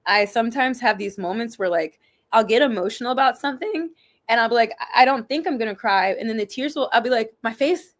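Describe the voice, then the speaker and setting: Animated, laughing young woman. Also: a little high, quick pace. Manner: animated storyteller, acts out little scenes with big laughs. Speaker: co-host. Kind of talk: casual chat.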